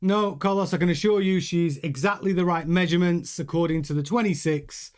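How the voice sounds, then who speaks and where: A man voicing an exasperated, defensive male team boss who speaks in a stern, brisk and insistent way. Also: high-pitched, steady tone, smooth, close to an everyday voice. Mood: indignant, exasperated.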